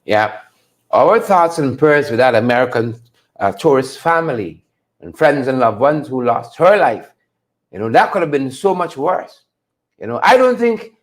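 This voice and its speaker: A man hosting a live-stream show, chatting with viewers and calling them folks. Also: medium pitch. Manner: animated, conversational, addresses viewers as folks. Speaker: host.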